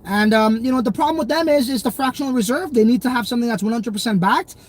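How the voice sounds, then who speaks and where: A man's voice: extremely high pitch, fast talker. A young man hosting a crypto livestream, chatting loosely in slang and reading viewer comments. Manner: slangy, loose and rambling, many fillers.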